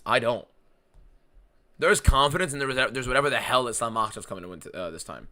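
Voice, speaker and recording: A man hosting a live fight watchalong stream, talking in an excitable, profane and rambling way. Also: mid-range voice, a little fast. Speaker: streamer host.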